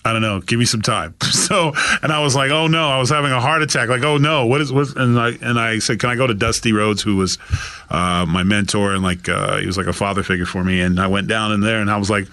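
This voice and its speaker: A man spins an animated story as a podcast guest, jumping into the voices of the people he quotes. His tone is bright and forceful. The sound is dry and close. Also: quick pace, dry recording. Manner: acts out quoted voices with big pitch jumps. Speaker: guest, author.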